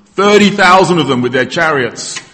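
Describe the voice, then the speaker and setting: A man preaching a sermon, telling a Bible story with animated, acted-out quotes. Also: on the high side, normal speed. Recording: hall reverb.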